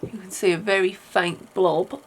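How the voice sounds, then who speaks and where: A woman's voice: mid-range voice, fairly even intonation, unhurried, breathy edge. A young British woman chatting her way through a makeup tutorial, rambling with lots of fillers. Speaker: beauty vlogger.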